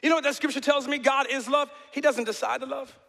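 A middle-aged man preaching a sermon as pastor in a large church, swinging from impassioned shouts to soft, intimate talk. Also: extremely high pitch, steady tone, fast talker, gravelly. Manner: passionate, builds to shouting then drops to soft and intimate. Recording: long reverb of a large hall.

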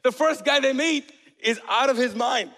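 A man preaching a sermon in a lively way. He questions the congregation and makes joking asides. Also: extremely high pitch, normal speed. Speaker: pastor. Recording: long reverb of a church hall.

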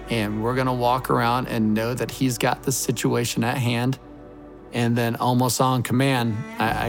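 A man's voice: mid-range voice, vocal fry. A man in his thirties, a former baseball coach, telling an earnest, emotional personal testimony. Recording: music bed underneath.

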